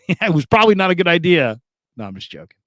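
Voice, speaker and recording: A man's voice: high-pitched, sing-song, quick pace, fairly bright tone, no echo. A man hosting sports talk radio, reading listener comments in a loose, rambling way with plenty of laughs and repeated phrases.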